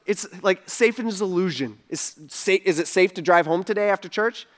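At a moderate pace and in a high-pitched voice, a man preaches a relaxed, conversational sermon. His speech is packed with "like," and he puts on character voices whenever he quotes someone.

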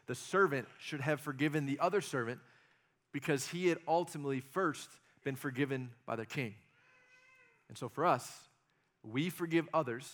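A man preaching a sermon as pastor, animated, with jokey asides and acted-out quotes. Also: a little high.

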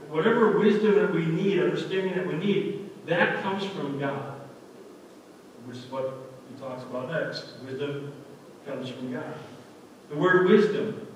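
Male pastor, fairly high voice, chatty and earnest, recorded from a distance in a church with a long echo. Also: slight background noise. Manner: earnest, conversational, digressive. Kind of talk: sermon. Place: church sanctuary. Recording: echoey hall from far off.

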